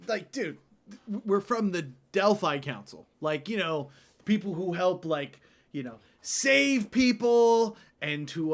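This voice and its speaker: A man playing a tabletop game in a laid-back, joking manner. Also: high-pitched. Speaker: player. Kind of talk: casual tabletop game play.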